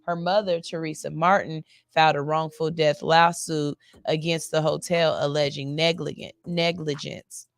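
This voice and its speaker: A woman's voice: sits low, steady tone, moderate pace, creaky, few pauses, no room sound, clean studio sound. A woman hosting a morning radio show, reading stories in a loose, chatty way and cursing casually. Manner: chatty, loose, curses casually, yawns between lines. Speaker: radio host. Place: cold studio.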